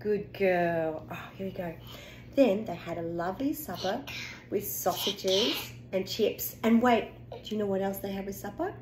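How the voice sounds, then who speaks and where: A woman reading a picture book aloud to a child at home, playful and animated, often gasping and laughing. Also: mid-range voice, unhurried. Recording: echoey room, faint background noise.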